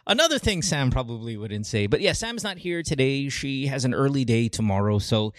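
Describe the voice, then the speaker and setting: A man's voice: mid-range voice, lively intonation, brisk, fairly bright tone, dry recording, studio quality. A young man hosting a podcast in casual chat, joking and laughing often. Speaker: podcast host.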